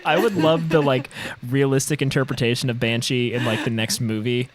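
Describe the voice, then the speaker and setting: A man co-hosting a casual podcast chat, joking and acting out quick mock voices. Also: mid-range voice, steady tone. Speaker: podcast co-host.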